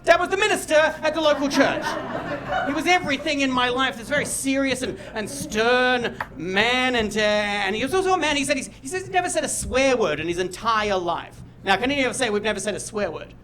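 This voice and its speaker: A young Australian man doing stand-up, telling a long story about his family and sometimes shouting out the lines he acts out. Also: extremely high pitch, brisk, a crowd in the background. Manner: animated, jumps to loud shouts when acting out his dad. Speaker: stand-up comedian. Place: comedy stage before a live audience.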